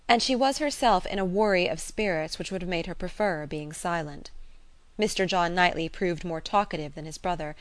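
A woman reading a classic novel aloud in a measured, even narration. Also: fairly low pitch, smooth, dry recording. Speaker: audiobook reader. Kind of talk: scripted narration.

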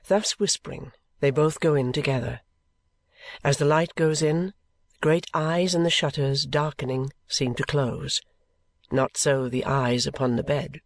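A man reading a novel aloud as an audiobook narrator, with a measured, even delivery. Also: medium pitch, no echo. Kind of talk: scripted narration.

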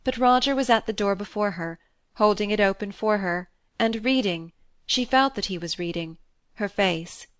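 A woman reading a classic novel aloud as an audiobook narrator, in a measured, even manner. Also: mid-range voice, clean tone, dry recording.

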